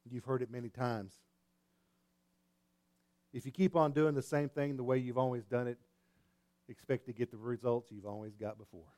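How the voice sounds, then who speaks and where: Animated preaching man, fairly high voice. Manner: animated preaching with repetitions and restarts, swings from quiet to loud. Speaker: pastor. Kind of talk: sermon. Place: church hall with congregation.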